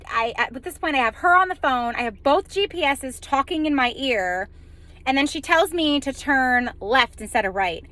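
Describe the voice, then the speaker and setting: A woman's voice: high-pitched, sharp tone, dry recording. A woman home organizer telling a funny story about her hectic week in a chatty vlog, laughing at herself and acting out what people said.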